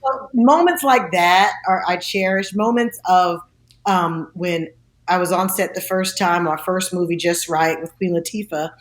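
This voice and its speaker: A woman, an actress and singer, telling lively stories in an interview and acting out the quotes. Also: fairly low pitch, a little slow, reverberant. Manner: animated, acts out quotes with laughs.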